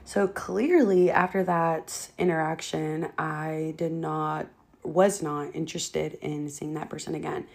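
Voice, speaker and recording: Young woman, casual storyteller, blunt and exasperated, a little low-pitched, curses freely. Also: steady tone, unhurried, vocal fry, darkish tone.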